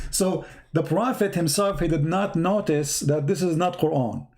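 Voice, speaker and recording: A man giving a mocking, sarcastic commentary monologue in broken, halting phrasing. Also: fairly high pitch, darkish tone.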